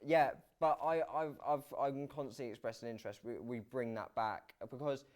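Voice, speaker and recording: A man's voice: mid-range voice, fairly even intonation, moderate pace, darkish tone. A young man from the UK, a presenter chatting casually with many restarts and laughs. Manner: rambling, restarts, laughs often. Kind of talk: casual chat.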